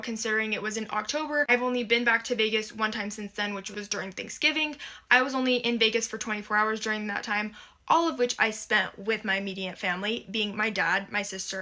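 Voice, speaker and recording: A woman's voice: medium pitch, bright, forceful tone. A young adult woman from the United States telling a personal story to camera in a casual, emphatic and sarcastic way.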